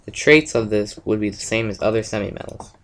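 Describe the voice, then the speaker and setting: Male presenter, slightly low voice, steady read-through of a science explanation. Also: fairly quick, a little hiss or hum, poor audio. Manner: steady, methodical, step-by-step explaining. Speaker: presenter of a school science project. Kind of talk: reading a prepared explanation.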